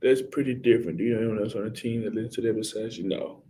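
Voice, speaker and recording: A man's voice: fairly low pitch, racing, warm tone, a little hiss or hum. A young man, casually chatting on his livestream and answering viewers by name. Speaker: livestream host, college football player. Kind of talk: casual livestream chat reading viewer comments.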